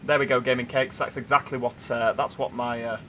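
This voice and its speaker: A man's voice: mid-range voice, level tone, fairly quick, fairly bright tone, slight background noise. A young man with a Yorkshire accent, hosting a casual livestream and chatting as he reads viewer comments aloud. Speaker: livestream host.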